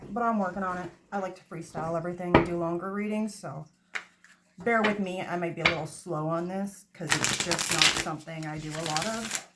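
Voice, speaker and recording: Woman, casual tarot reading, swears a lot, laughs at herself, phone mic, faint hiss. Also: lowish voice. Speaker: tarot reader. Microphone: phone camera.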